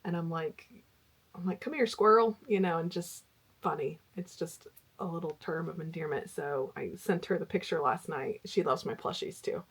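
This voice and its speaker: Chatty husky-voiced woman crafter. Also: deep voice, normal speed. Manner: chatty, rambling, with fillers. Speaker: crochet vlogger. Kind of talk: casual chat.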